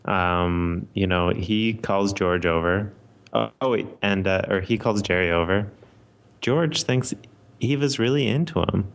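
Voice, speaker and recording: Low-voiced man recapping an episode. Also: measured pace. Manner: easygoing, hesitant, many ums. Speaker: podcast co-host. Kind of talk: casual chat, recapping an episode.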